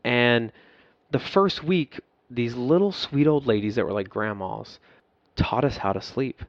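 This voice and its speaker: A man's voice: medium pitch, unhurried, dry recording. Podcast guest, male, raw storytelling, swears freely; muffled dead-room sound. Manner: profane, emotional, laughs at himself. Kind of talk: candid storytelling.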